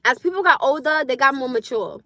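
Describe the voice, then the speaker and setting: A woman chatting loudly and bluntly on a live stream from inside her car, laughing often. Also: sits high, lively intonation, brisk, no room sound. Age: adult with a school-age son. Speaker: livestreamer. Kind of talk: casual live-stream chat.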